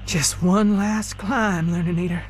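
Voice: mid-range voice, fairly even intonation, unhurried, faint music behind, pitched above the performer's own voice, lightly acted. A reader voicing a determined woman time-traveller. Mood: earnest. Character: determined adult woman time-traveller, worn but brave. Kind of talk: storybook character voice.

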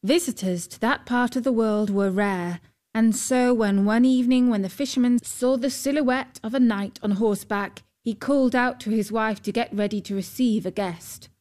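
A woman narrating a fairy tale in a calm, measured storytelling manner. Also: a little high.

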